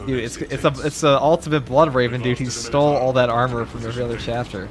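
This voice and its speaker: A man's voice: mid-range voice, steady tone, fast. A man streaming a game, chatting casually and rambling with jokes and fillers. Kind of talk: casual live-stream chat over gameplay.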